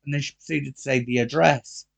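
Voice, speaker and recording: A man, co-hosting a casual podcast and telling a story in an animated way, swearing and acting out what people said. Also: medium pitch, a little fast, vocal fry. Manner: animated, acts out quoted dialogue, swears freely. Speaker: podcast co-host.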